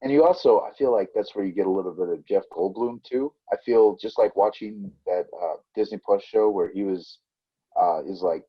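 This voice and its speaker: Husky man musing on a dull line. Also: fairly low pitch, moderate pace. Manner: loose, musing, heavy with fillers. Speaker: podcast co-host. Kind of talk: casual movie podcast chat.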